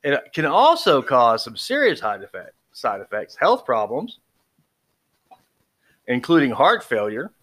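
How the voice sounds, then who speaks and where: A man's voice: medium pitch, wildly swooping pitch, unhurried, long pauses, a bit bright. Man reading drug warnings with wry asides. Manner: stumbling over long words, wry asides. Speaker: vlogger reviewing medications. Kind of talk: casual read-aloud commentary.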